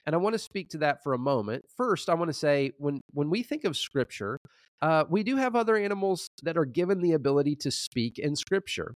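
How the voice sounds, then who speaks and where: A man co-hosting a scholarly debate show, presenting his position in a measured way with frequent restarts. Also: on the high side, very animated, no echo. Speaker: co-host, Old Testament scholar.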